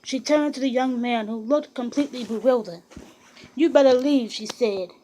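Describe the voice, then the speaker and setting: A woman narrates a biography in a steady, even storytelling voice. Her pitch sits somewhat high, and she occasionally restarts a phrase. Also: normal speed, slight background noise, low-quality recording. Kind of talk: audiobook reading of a biography.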